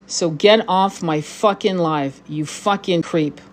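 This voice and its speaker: A woman's voice: lowish voice, slow pace, a little hiss or hum. A middle-aged woman, a tarot reader and spiritual guide, ranting angrily on a livestream and swearing often at her viewers. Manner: angry, profane and confrontational.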